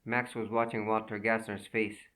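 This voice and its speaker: A man narrating a thriller audiobook in a steady, measured reading. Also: lowish voice, far from the mic, low-quality recording.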